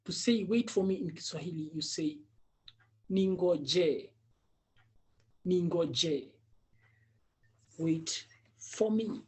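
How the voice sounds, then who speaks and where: Slow, patient male teacher. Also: sits high. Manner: patient, repeats words many times, chuckles often. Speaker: Swahili teacher. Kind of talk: language lesson drilling.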